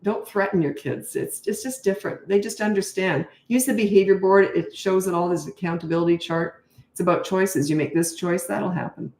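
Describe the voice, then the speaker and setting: Her voice lowish and darkish, a little on the fast side, this middle-aged parenting coach answers live questions with blunt, emphatic advice. She sounds tired, acts out her responses to children, and the room is echoey.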